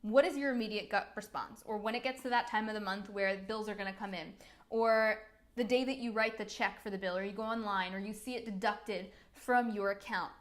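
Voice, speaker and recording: A woman's voice: medium pitch, fairly even intonation, fairly quick, fairly bright tone. A young woman, a business coach, giving an upbeat, chatty talk full of "like"s. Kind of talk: live-streamed coaching talk.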